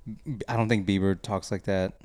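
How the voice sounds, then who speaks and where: A man's voice: lowish voice, steady tone, moderate pace, a little mellow. A man co-hosting a casual podcast chat, joking and laughing often. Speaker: podcast co-host.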